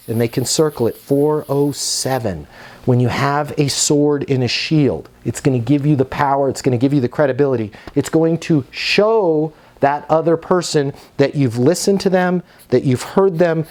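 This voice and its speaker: A middle-aged man giving a property management training talk, animated and acting out workplace scenarios. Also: a little high, normal speed. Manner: animated, acts out scenarios with shifting voices. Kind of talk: training presentation.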